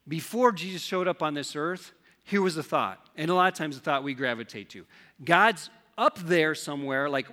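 Bright-voiced preaching man. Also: mid-range voice. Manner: animated preaching, rhetorical questions to the congregation. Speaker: pastor. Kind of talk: sermon.

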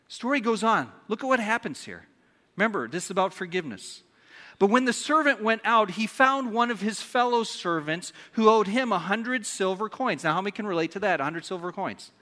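A man delivers a sermon from the pulpit, teasing and questioning his listeners in a playful way. His voice sits a little high and rings bright and forceful. Long reverb trails behind every phrase, as in a big church hall. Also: lively intonation, normal speed. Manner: playful, asks the congregation questions. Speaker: pastor.

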